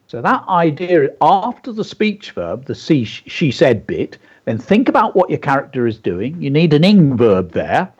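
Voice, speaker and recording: Husky male writing teacher on radio, animated delivery, lo-fi sound. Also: on the high side, unhurried, hardly any pauses. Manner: explaining, reads the story aloud.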